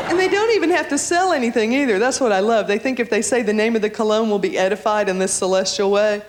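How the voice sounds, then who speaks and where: A woman in her thirties doing stand-up comedy, brash and sardonic, with sudden high animated outbursts. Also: fast. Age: 30s. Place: comedy club stage. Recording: live club, audience laughter and noise.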